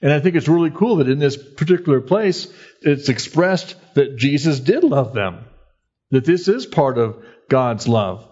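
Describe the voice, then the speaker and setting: A man's voice: on the high side, expressive, unhurried, a little mellow, breathy edge, lo-fi sound. A man preaching a sermon in a conversational, folksy way, acting out quoted voices by raising his voice. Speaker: pastor.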